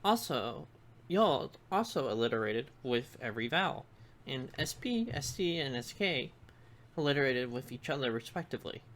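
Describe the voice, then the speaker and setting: A video lecturer giving scripted educational narration, measured and explanatory, spelling out examples one by one. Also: mid-range voice, sing-song, a bit bright.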